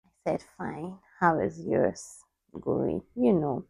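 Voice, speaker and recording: A young woman vlogger telling a personal story in a halting voice, holding back tears. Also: deep voice, animated, creaky, darkish tone, husky, no room sound.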